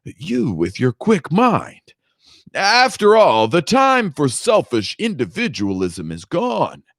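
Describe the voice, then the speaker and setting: A man reading a novel aloud puts on a priggish grown son, pitched well above the reader's own low voice and swinging up and down as he moralizes. The tone is self-satisfied and preachy. The sound is dry and close. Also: huge pitch swings, takes it slowly, fairly bright tone, no room sound, exaggerated voice. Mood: smug. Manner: pompous and preachy. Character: smug, condescending grown son lecturing his father.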